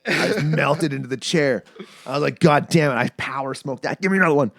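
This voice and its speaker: A man's voice: on the high side, a little fast, no room sound. A man hosting a podcast, chatting casually and telling long, profane stories in which he acts out the other people's lines. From Canada. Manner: swearing storyteller, acts out quoted voices. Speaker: podcast host. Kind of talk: casual chat.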